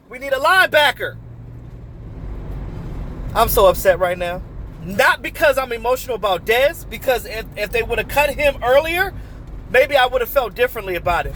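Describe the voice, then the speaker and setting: A man with a high-pitched voice rants about his team in a loose, heated vlog. He talks bluntly, swears without a filter and hammers the same rhetorical questions again and again. Faint traffic hums behind him. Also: a bit bright. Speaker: sports vlogger. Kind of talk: casual ranting commentary.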